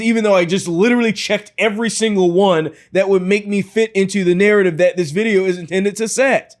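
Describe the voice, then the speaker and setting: A man's voice: sits high, a little fast, few pauses. A man hosting a reaction commentary, talking in an incredulous, mocking way and often repeating himself. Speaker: commentary host.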